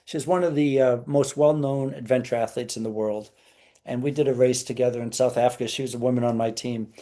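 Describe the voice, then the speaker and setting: A man's voice: medium pitch, fairly even intonation, fairly quick, mellow. A man, a podcast guest, telling anecdotes in an easygoing, storytelling way. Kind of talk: podcast interview.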